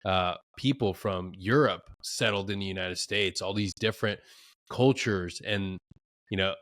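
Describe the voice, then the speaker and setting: A man hosting a podcast, chatting in a relaxed, laid-back way with casual slang. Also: deep voice, a little slow, no room sound, studio quality. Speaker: podcast host. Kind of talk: casual conversation.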